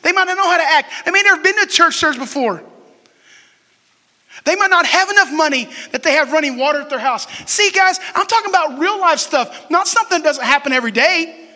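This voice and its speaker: A man's voice: extremely high pitch, lively intonation, fast, bright, forceful tone. A pastor in his forties preaching a sermon in a church sanctuary, chatty and joking, often asking the congregation questions. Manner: conversational, asks the crowd questions and jokes. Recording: long hall reverb.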